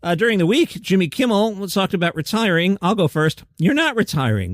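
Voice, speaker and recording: A middle-aged man hosting a comedy news podcast from his basement, reading headlines and adding wry, animated asides. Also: sits high, no echo, studio quality. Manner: wry, animated, quick side comments. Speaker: podcast host. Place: home basement studio.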